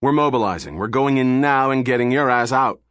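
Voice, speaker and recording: Man doing a gruff, blunt police commissioner. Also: medium pitch, fairly quick, fairly bright tone, dry recording, close to an everyday voice. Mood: alarmed.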